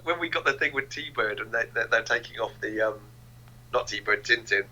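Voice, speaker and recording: A man's voice: medium pitch, moderate pace, a crowd in the background, rough recording. A man co-hosting a casual film review podcast, hesitant and repeating words as he recalls scenes. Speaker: podcast co-host.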